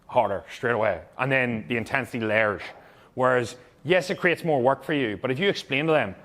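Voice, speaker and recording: A man's voice: mid-range voice, brisk, a bit bright. A young man, a fitness coach, giving blunt, heavily profane, emphatic advice to fellow coaches.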